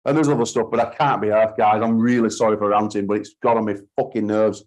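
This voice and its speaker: A man's voice: lowish voice, fairly even intonation, quick pace, crowd noise, poor audio. A man, host of a call-in talk show, ranting heatedly and swearing often. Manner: heated, sweary, repeats himself. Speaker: podcast host.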